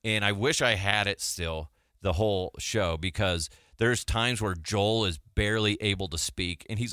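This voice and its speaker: A man hosting a podcast, telling animated stories in casual chat and laughing often. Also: lowish voice, normal speed, hardly any pauses, smooth, dry recording, studio quality. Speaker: podcast host, former radio sidekick.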